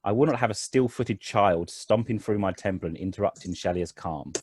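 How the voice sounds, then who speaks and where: A man voicing a tired, stern priestess who speaks with a soft Chilean accent in a tabletop game. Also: on the low side, fairly quick, a little hiss or hum, close to an everyday voice. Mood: cool rebuke.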